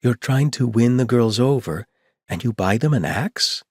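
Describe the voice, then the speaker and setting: A man voicing a flirtatious grown woman who talks in a slow, sly purr, in an audiobook reading. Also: mid-range voice, expressive, no room sound, studio quality, voice pushed up, natural voice. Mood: teasing.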